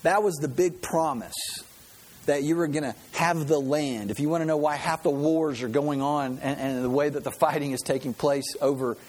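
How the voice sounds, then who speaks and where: A pastor with a fairly high, slightly mellow voice preaches in a conversational style, frequently putting questions to his listeners. His pace is moderate and his intonation mostly even.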